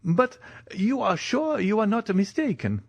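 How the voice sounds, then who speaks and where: A man's voice: sing-song, measured pace, gravelly, dry recording, lo-fi sound, heavily acted. Major Cavalcanti, a man voicing a timid, eager old Italian. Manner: high quavering eager voice.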